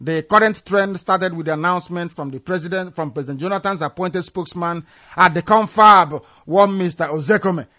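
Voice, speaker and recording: A man's voice: high-pitched, a little fast, bright, forceful tone, dry recording, highs cut off. A man from Nigeria, delivering scornful, emphatic political commentary as a radio broadcaster. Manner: fiery, scornful, emphatic, repeats phrases for stress.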